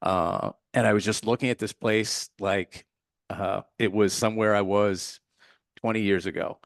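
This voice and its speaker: A man's voice: fairly low pitch, steady tone, unhurried, no echo, studio quality. A man who teaches meditation, a podcast guest telling an earnest personal story in casual talk and searching for the right words.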